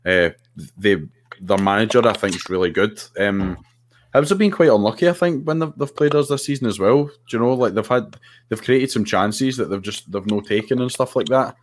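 A man with a Scottish accent, a podcast co-host giving his views in casual football chat, hesitant with many pauses. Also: fairly low pitch. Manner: hesitant, lots of ums and restarts.

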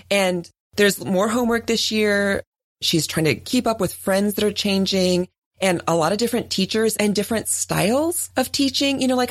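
Animated woman telling a family story. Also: dry recording, clean studio sound. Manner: animated storytelling, jumps high when voicing others. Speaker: podcast co-host. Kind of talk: casual chat.

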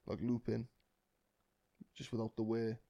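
A man's voice: medium pitch, completely flat delivery, a little slow, creaky, dark tone, no echo, dull audio. Laid-back young man with crude humour. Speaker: podcast co-host. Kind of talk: casual chat.

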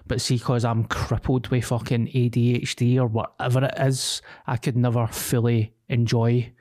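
A man's voice: mid-range voice, little pitch movement, moderate pace, darkish tone. A young man with a Glaswegian accent, co-hosting a podcast and telling a rambling, confessional story in casual chat. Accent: Scottish, Glaswegian. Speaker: podcast co-host.

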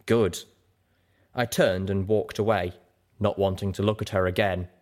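A man narrating a story aloud as an audiobook reader, with an expressive, dramatic delivery. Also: sits low, a little slow. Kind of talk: scripted narration.

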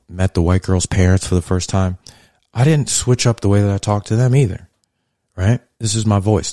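A man's voice: low-pitched, no echo, studio quality. A man hosting a podcast, talking in a blunt, profane, conversational monologue that grows more heated. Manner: blunt, profane, conversational, heats up and gets louder. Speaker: podcast host. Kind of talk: casual monologue commentary.

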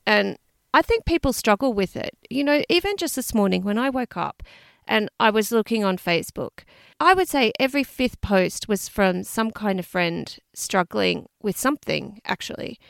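A woman's voice: mid-range voice, animated, normal speed, creaky, no echo, studio quality. An Australian woman co-hosting a podcast in casual chat, chatty and laughing often, swearing freely. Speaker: podcast co-host.

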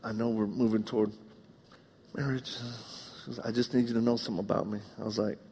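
A man's voice: fairly low pitch, little pitch movement, fairly quick, mellow, long reverb tail, a little hiss or hum. A man with a Southern US accent preaching a live sermon, telling funny stories and acting out dialogue. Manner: humorous storytelling, acts out dialogue. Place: church.

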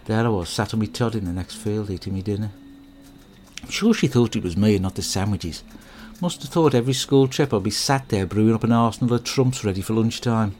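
A man delivers a crude, deadpan and rambling comic monologue. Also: fairly low pitch, fairly quick.

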